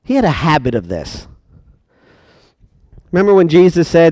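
A man's voice: a little high, big pitch swings, moderate pace, a little mellow, no room sound. A man preaching a sermon, emphatic and questioning his congregation.

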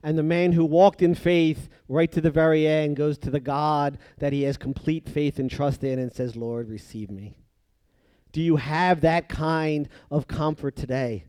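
A man preaching a sermon, moving between loud emphatic passages and hushed, drawn-out phrases. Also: a little high, little pitch movement, clear, resonant tone, no echo.

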